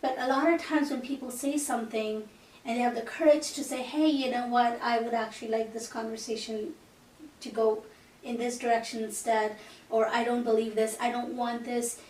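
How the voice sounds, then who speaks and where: A woman's voice: on the high side, steady tone, moderate pace, darkish tone, a little hiss or hum. A woman hosting a podcast, talking in an earnest, reflective way. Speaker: podcast host. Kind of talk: casual podcast conversation. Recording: echoey room, distant mic.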